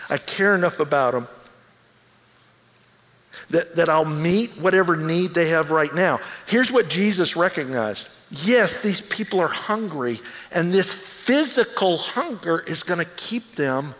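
A male pastor delivering an animated sermon, acting out quoted lines as he goes. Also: on the high side. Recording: long hall reverb.

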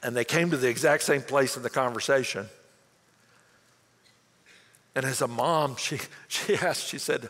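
A man preaching a sermon, earnest, often repeating words as he starts a phrase, moving between loud emphasis and quiet storytelling. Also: medium pitch, unhurried, pauses often. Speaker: pastor. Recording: long hall reverb.

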